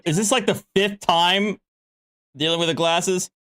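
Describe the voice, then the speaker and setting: A male host reacts to clips in a relaxed, wry way, pausing with small fillers. His voice sits a little higher than most men's. The delivery is informal and unhurried. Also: smooth. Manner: wry, laid-back, with fillers. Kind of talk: casual commentary on video clips.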